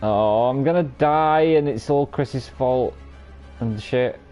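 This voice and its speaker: A man's voice: mid-range voice, slow, mellow, dull audio, faint music behind. A man streaming a card game live, commenting on his plays and bantering with viewers while cursing freely. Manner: banter-filled, swears freely, teases chat.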